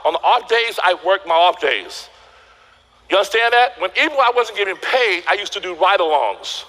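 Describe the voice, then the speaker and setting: Male motivational speaker, very high bright voice, animated storyteller who shouts the punchlines. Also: moderate pace, poor audio. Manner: animated storytelling, acting out quotes; loud exclamations. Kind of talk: motivational seminar speech.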